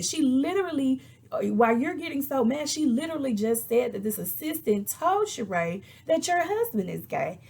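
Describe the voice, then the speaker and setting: A woman recapping a reality show in casual, animated chat, acting out quotes with exasperated asides. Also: sits high, moderate pace, gravelly, husky. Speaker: reality TV reviewer.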